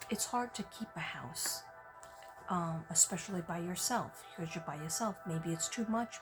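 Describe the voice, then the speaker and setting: A woman giving a psychic reading, soft-spoken and gently reassuring, often dropping to a whisper and checking in with "okay?". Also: fairly low pitch. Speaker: psychic reader.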